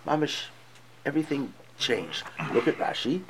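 A man's voice: medium pitch, sing-song, moderate pace, creaky, breathy edge. A man teaching a text study class, reading passages aloud and explaining them with emphatic feeling.

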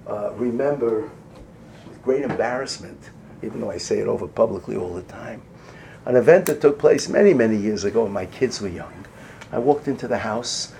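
A middle-aged man giving a sermon-style lecture, moving between hushed whispers and loud, emphatic lines. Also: medium pitch, gravelly, a little hiss or hum. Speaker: rabbi.

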